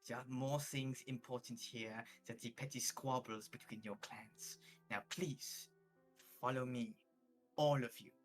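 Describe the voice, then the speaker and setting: A man's voice: mid-range voice, fairly even intonation, measured pace, faint music behind, natural voice. Stern female leader, as a man puts her on. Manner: stern, clipped commands.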